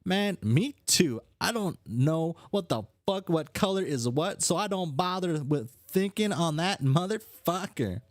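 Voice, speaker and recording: A man's voice: a little high, animated, unhurried, hardly any pauses, no echo, clean studio sound, voice pushed up. A man doing a cocky, scheming troll girl. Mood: flippant. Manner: cocky, swearing, mocking. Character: brash, sarcastic, scheming young female alien troll.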